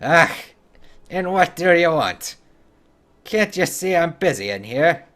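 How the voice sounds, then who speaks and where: A cranky, snappish female dwarf, put on by a man in a strained high voice with a clumsy accent, reading game dialogue aloud. It is pitched well above his own voice and pushed loud. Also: very animated, slow, exaggerated voice. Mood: irritable.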